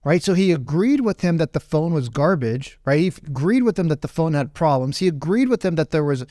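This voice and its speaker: A man's voice: on the high side, expressive, a little fast, mellow, no echo, studio quality. A man around forty telling a rambling business story in a casual talk and keeping on asking "right?". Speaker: business speaker.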